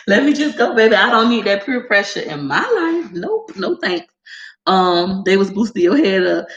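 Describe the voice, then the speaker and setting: A woman vlogger telling stories in a casual, animated, slangy way, laughing often. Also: medium pitch, dull audio. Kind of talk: casual chat. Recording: echoey room.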